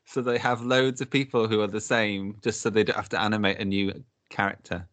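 A man's voice: on the low side, level tone, a little fast, a bit bright, no room sound. A man co-hosting a podcast, chatty, asking questions and laughing easily. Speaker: podcast co-host. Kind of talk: casual chat.

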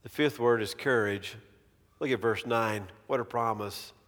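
A man preaching a sermon in a slow, measured way, letting phrase ends fall away softly. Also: mid-range voice. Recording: long reverb of a large hall.

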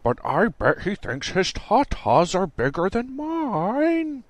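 A man's voice: medium pitch, wildly swooping pitch, normal speed, no echo. A man voicing a lazy, stubborn young man who talks in a sulky, unbudging way.

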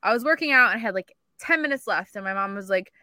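A woman co-hosting a casual podcast, telling an animated story full of "like" and the odd swear word. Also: mid-range voice, fast, no echo, studio quality. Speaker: podcast co-host. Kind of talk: casual chat.

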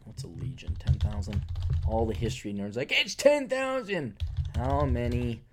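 A man hosting a casual solo podcast, ranting sarcastically, swearing casually and mocking others in high put-on voices. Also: moderate pace, warm tone, slight background noise. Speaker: podcast host.

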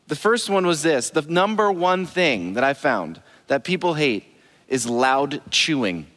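A man's voice: fairly high pitch, very animated, unhurried, fairly bright tone. A man, a lead pastor, giving a playful, joking sermon and talking straight to his congregation. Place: church auditorium. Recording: long hall reverb.

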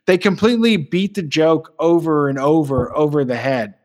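A man's voice: fairly high pitch, normal speed, darkish tone. A man co-hosting a podcast, ranting in casual chat, swearing often and laughing. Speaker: podcast co-host.

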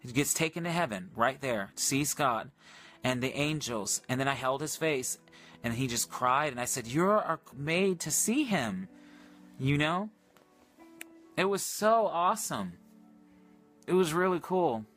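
A man ministering on a livestream, earnestly retelling a prayer encounter in casual storytelling with much quoted dialogue and excited high points. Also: a little slow, faint music behind.

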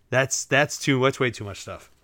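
A man's voice: medium pitch, slow, bright, forceful tone, dry recording, studio quality. A man hosting his own solo podcast at home, chatting casually in a rambling way with lots of fillers and jokey asides to his listeners. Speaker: podcast host. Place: at home, relaxed, drinking while recording.

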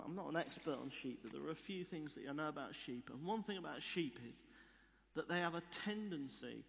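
Male preacher, slightly high-pitched, storytelling sermon in a reverberant church hall. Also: vocal fry, fairly bright tone. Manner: storytelling, repeats key phrases for emphasis.

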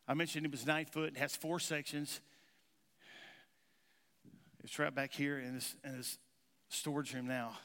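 A male pastor with a drawl preaches in a folksy storytelling manner and keeps quizzing the congregation. His voice sits a little high for a man, and the sound trails off into a long, ringing church reverb. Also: little pitch movement, measured pace, long pauses, fairly bright tone. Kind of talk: sermon. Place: church sanctuary.

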